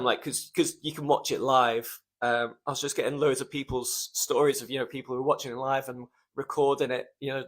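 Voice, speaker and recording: Young male podcast host, casual solo storytelling, emotional and near tears, rambling with frequent swearing. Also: medium pitch. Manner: emotional, swears often, trails off with ums. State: choked up, close to tears.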